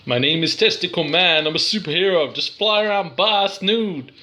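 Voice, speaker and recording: A man's voice: sits high, normal speed, bright, forceful tone, slight background noise. A man with an English accent voicing a boastful naked male superhero in a mock-heroic tone.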